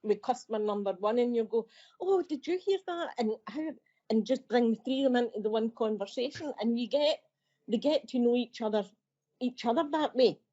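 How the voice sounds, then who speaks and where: A woman's voice: a little high, a little fast, warm tone. A woman who works as a library assistant, describing everyday library life on a podcast. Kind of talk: podcast conversation. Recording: dull lo-fi podcast audio.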